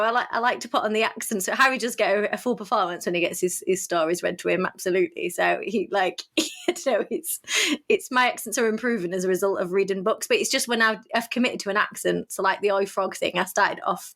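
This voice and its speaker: A woman's voice: mid-range voice, fairly even intonation, quick pace, a bit bright. A woman co-hosting a podcast, chatting casually and laughing often. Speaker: podcast co-host. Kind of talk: casual chat.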